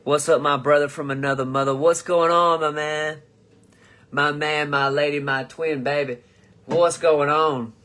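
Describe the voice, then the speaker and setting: A young man with a bright, forceful voice that sits a little high hosts a casual livestream. He reads viewers' comments aloud and riffs on them, rambling and swearing freely. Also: fairly even intonation, unhurried. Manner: rambling and profane, with frequent restarts. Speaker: comedian host of a live show.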